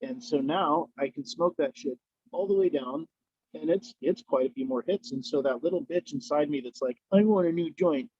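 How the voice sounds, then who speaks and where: A laid-back man chats as a podcast guest, drifting through a long, easygoing story. His voice is warm, mellow and a bit husky. The recording is dry and slightly dull. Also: fairly high pitch, normal speed, dry recording. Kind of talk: casual chat while smoking.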